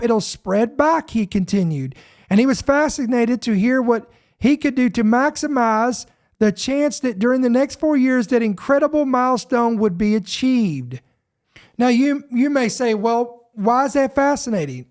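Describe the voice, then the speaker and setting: A man from Georgia, hosting a podcast and reading news headlines aloud. He talks emphatically, slows down to stress certain words and often repeats himself mid-sentence. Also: very high voice, a little mellow. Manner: repeats himself, self-interrupting. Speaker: podcast host.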